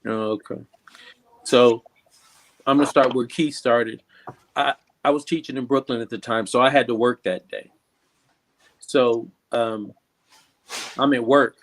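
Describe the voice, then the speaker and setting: Man with an average voice, gently asking. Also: medium pitch, fairly even intonation, unhurried, pauses often. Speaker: co-speaker asking questions. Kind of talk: casual conversation.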